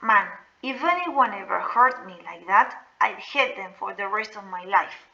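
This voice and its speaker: A woman's voice: mid-range voice, expressive, a little slow, creaky, pushed and bright, far from the mic, dull audio, heavily acted. A woman reading the lines of a blunt, tough teenage boy in a storybook reading.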